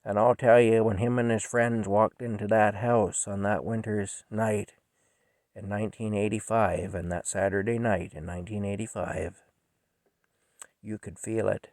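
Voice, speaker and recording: A middle-aged man tells a story in a casual, rambling monologue. His voice sits low, and he talks in a halting, emotional way. The sound is dry and close, with no room echo. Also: steady tone, a little mellow. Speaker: vlogger telling a personal story.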